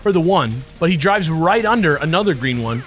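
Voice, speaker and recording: A man's voice: fairly high pitch, lively intonation, fairly quick. A man playing through a game on a let's play show, cursing and sarcastic in casual commentary. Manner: profane, exasperated and sarcastic.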